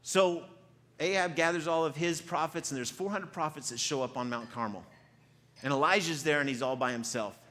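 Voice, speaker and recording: A male pastor preaching a sermon, retelling a story with lively acted-out quotes and frequent repeated words. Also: a little high, normal speed. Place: church.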